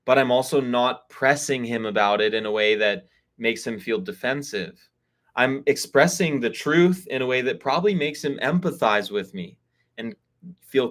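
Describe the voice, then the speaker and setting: A man's voice: medium pitch, fairly bright tone. Candid man giving advice on a call. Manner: candid, conversational, acts out quoted dialogue. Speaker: spiritual reader and community host. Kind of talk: live online call, casual advice talk. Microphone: video call.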